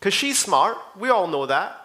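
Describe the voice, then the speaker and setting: Bright, high-voiced Scottish pastor. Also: male voice, sing-song, a little slow. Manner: rambling, jokey storytelling with asides to the listeners. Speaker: pastor leading outreach. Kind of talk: anecdotal church outreach report.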